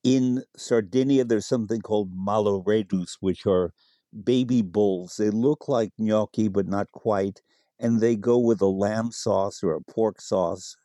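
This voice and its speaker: A man's voice: on the low side, unhurried, mellow, no echo, clean studio sound. A man being interviewed on the radio as an expert on Italian food, explaining dishes with enthusiasm and spelling out words.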